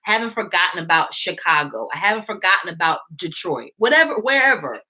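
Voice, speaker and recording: A woman hosting a podcast in casual chat, animated and quick to laugh. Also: on the low side. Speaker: podcast host.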